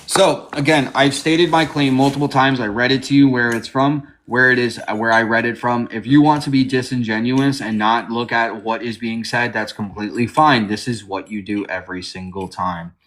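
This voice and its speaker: A man's voice: mid-range voice, fairly even intonation, moderate pace, few pauses, a bit bright. A man arguing as a guest in a heated online debate, aggressive and taunting, swearing and repeating the same jeers.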